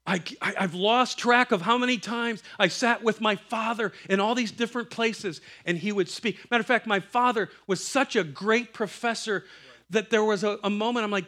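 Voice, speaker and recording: A middle-aged man with a high voice preaches a sermon at normal speed, telling family stories. He's animated, acts out the voices of the people in them, and breaks into laughter.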